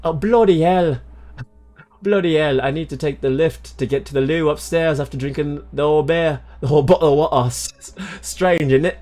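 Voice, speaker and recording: A man's voice: a little high, moderate pace, darkish tone, pitched above the performer's own voice, natural voice. Drunken British bloke, crude, grumbling, exaggerated mock accent, man voicing, faint game music. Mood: grumbling, loud.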